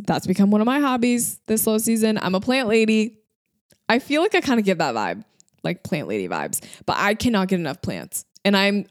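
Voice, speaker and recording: A woman's voice: mid-range voice, a little mellow, dry recording. Young woman podcaster rambling and giggling, bubbly casual chat, dry close sound. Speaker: podcast host.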